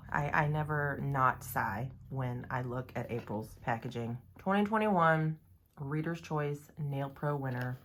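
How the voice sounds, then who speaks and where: A woman chatting casually in her home nail salon, gushing excitedly as she unboxes nail art gear. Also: deep voice, slight background noise. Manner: excitable, gushing, often gasping and sighing.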